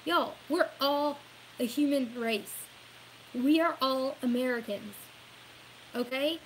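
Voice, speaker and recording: A woman with a Louisiana accent speaks in a high voice, rambling through a casual opinion vlog. She is earnest, says y'all a lot and laughs at herself now and then. A faint hiss runs under the recording. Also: slow pace, rough recording. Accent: Southern US, Louisiana. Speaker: political vlogger.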